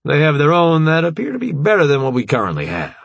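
A commanding middle-aged general, formal and measured, his voice raised a bit and gravelly, as a male narrator puts him on. Dry, close recording. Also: on the high side, huge pitch swings, no room sound, voice pushed up, full character voice.

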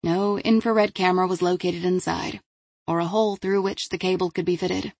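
Low-voiced woman reading an audiobook. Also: steady tone, normal speed, vocal fry, darkish tone, no room sound. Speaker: audiobook narrator. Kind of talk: scripted audiobook narration.

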